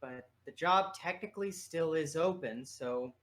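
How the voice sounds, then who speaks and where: A tired woman clerk in a tabletop game, hesitant and rambling, with a bright, slow delivery, as the game master puts her on. She hedges her way through an outdated job posting. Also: mid-range voice, natural voice.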